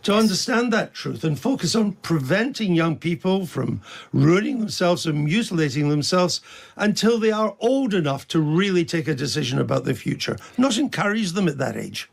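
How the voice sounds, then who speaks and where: A man's voice: on the high side, very animated, moderate pace, vocal fry. A man interviewing, asking probing, pointed questions.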